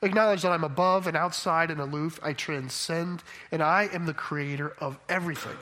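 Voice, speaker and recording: A stern, challenging God speaks to a suffering man, as a preacher puts him on. The voice sits lower and quieter than the preacher's own but stays fairly high for a man, in an everyday sermon voicing. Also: normal speed, a little hiss or hum. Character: God, mighty male creator, stern and challenging.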